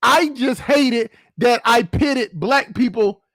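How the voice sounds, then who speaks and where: A man with a high-pitched voice talks straight to his viewers in a loose, rambling vlog. He swears freely and keeps restarting and repeating his phrases. The recording is dry and close. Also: slow, a bit bright, no room sound. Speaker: channel host. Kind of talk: casual vlog monologue.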